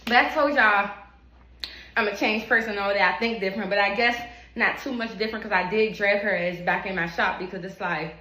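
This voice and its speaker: A young woman hairstylist telling a story to her phone camera, animated, emphatic and full of swearing. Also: medium pitch, a little fast. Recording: echoey room with steady background noise.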